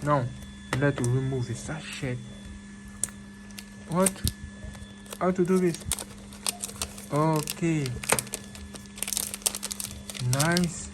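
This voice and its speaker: A man's voice: on the high side, very slow, long pauses, background noise. A man filming an unboxing vlog on a phone, exclaiming in disbelief and repeating himself. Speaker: vlogger. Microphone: phone camera.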